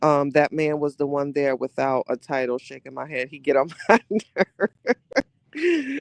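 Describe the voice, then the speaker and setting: A gossipy, chatty male host with a voice a touch higher than most men's. He reads out viewer comments and answers them with quick, slangy reactions and frequent laughs. The sound is dry and close, with little room echo. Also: expressive, creaky. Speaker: podcast host reading live chat. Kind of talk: casual live-stream chat.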